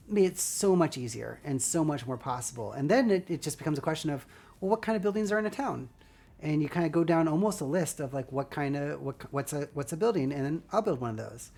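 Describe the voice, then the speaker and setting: A woman's voice: sits low, animated, fast talker, warm tone. A woman streaming herself building LEGO live, chatting casually with viewers in a scratchy voice with a dry throat, rambling and friendly. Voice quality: scratchy, slightly gravelly voice. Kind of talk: casual livestream chat while building.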